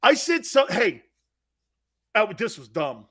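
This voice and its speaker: A man hosting a sports talk show, ranting loudly with frequent laughter, shouts and mocking asides. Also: sits high, very animated, unhurried, slightly rough. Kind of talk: energetic sports talk rant.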